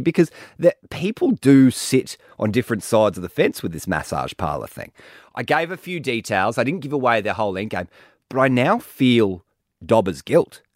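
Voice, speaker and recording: In a radio studio, an Australian-accented male host tells a story animatedly during casual radio chat, acting out the other people in it. His voice is medium-pitched at a normal speed, recorded dry with clean studio sound.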